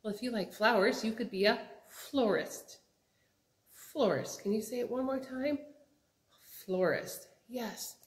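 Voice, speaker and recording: A young woman teaching children job words, asking them to repeat each word in a slow, sing-song way. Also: a little high. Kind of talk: children's vocabulary lesson. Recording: echoey room.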